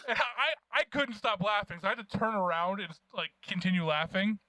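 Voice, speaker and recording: A young man co-hosting a podcast, telling profane, animated stories in casual chat. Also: sits high, a little fast. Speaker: podcast co-host.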